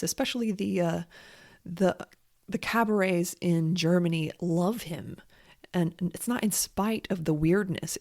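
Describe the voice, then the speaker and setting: Chatty woman with a lowish voice. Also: darkish tone. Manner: chatty, frank, with many fillers and restarts. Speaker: podcast host and creative coach. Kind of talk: casual solo podcast monologue.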